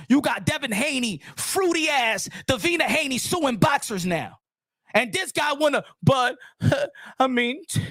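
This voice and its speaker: A man hosting a boxing channel's live stream, ranting in a loud, heated voice and repeating lines for emphasis in profane street slang. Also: extremely high pitch, no room sound, studio quality.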